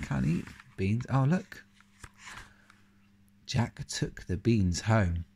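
A man reading a picture book aloud to a child, adding questions and comments between the pages, and speaking softly and tenderly at the end. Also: lowish voice, very slow, gravelly, slightly rough. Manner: animated reading with asides and questions to the listener; soft and tender in closing words. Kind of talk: storybook read-aloud to a child.

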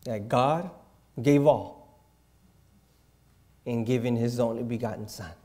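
A man preaching with a slow, unhurried delivery. His voice is dark and mellow, and his tone is reverent, sinking into quiet, hushed asides. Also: mid-range voice. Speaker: pastor. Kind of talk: sermon.

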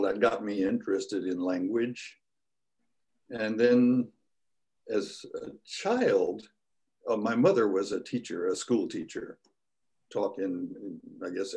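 An older man recalls his life in a low, deep voice. He takes his time over every phrase, with folksy asides and small chuckles. He sounds like he is on a video call. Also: warm tone. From United States. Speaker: guest scholar. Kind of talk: reflective storytelling.

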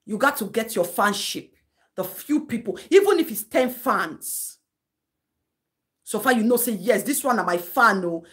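A Nigerian woman holds forth on a live stream in gossip commentary, her voice sitting a little high. She lectures and scolds her subjects, repeating her points for emphasis and breaking off to laugh. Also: animated, measured pace, fairly bright tone.

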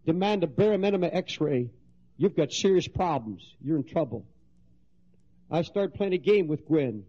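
A middle-aged male preacher delivering an impassioned sermon, swinging from loud exclamations to hushed storytelling. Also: fairly high pitch. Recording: dull lo-fi 1970s sermon recording.

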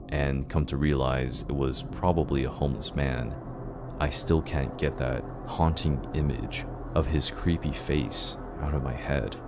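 A man narrating a scary first-person story in a steady, scripted delivery. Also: extremely low pitch, background noise. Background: background music.

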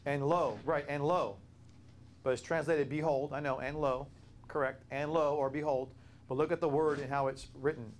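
A man's voice: medium pitch, slight background noise. A man teaching a Bible study. He talks earnestly, repeats his key points and spells out words as he explains them.

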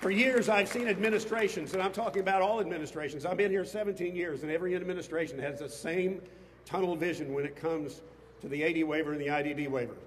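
Male politician, passionate rally speech, slightly high voice, long reverb off the PA, faint noise. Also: fast talker, some chatter behind. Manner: impassioned, rising to emphatic bursts. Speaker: state legislator addressing a rally. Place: outdoors on capitol steps before a crowd.

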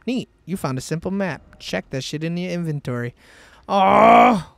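A man's voice: a little high, a little fast, dry recording. A man streaming a game and chatting casually with a friend, joking around. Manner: animated, joking, breaks into silly sing-song noises. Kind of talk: casual gaming chat.

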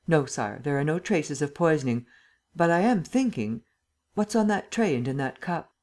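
A woman's voice: deep voice, expressive, moderate pace, a little mellow. A woman reading a matter-of-fact doctor. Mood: factual.

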